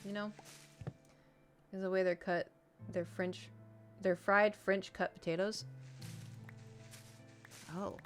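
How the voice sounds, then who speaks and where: A woman's voice: medium pitch, level tone, slow, pauses often, faint music behind. A woman streaming, chatting casually and animatedly with her viewers. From United States. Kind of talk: casual chat with chat.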